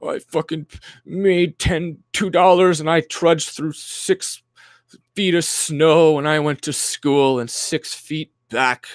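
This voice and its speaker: A man's voice: fairly high pitch, steady tone, no room sound, clean studio sound, pitched above the performer's own voice. A man putting on a self-pitying, whining older man to mock him. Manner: mocking, slow self-pitying whine.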